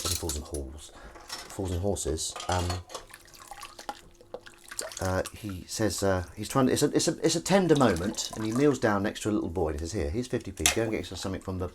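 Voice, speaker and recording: A man with a fairly low voice hosts a livestream while washing dishes, chatting, rambling, and cutting himself off. Dishes and cutlery clatter amid the background noise.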